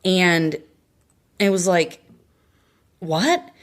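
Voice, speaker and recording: A woman's voice: lowish voice, unhurried, fairly bright tone. A woman from Vermont, a podcast guest, telling her personal story in an earnest, emotional and frank way.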